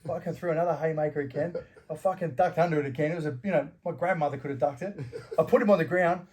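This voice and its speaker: The voice is a little high and darkish, moving quickly. It's a middle-aged Australian guest, a former fighter and bouncer, swearing freely as he tells door stories in casual interview talk and acts out the quarrels.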